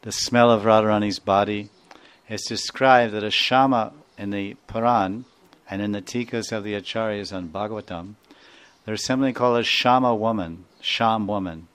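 A man with a somewhat low voice gives a devotional lecture to listeners. He wanders between points and laughs easily, and sometimes imitates sounds. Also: fairly even intonation, moderate pace, fairly bright tone, clear, resonant tone. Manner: digressive, laughs often, sings out sounds. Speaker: spiritual teacher.

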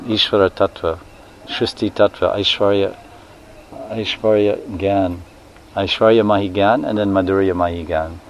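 A man giving a religious talk to a group, telling a story in a lively way, often repeating and correcting himself and putting questions to the listeners. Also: on the low side, slight background noise, rough recording. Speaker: spiritual teacher.

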